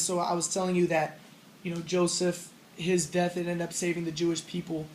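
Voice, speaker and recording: A man's voice: sits high, level tone, unhurried, long pauses, slight background noise, rough recording. A man giving a casual spoken lecture on religion, rambling as he explains and acting out the lines he quotes.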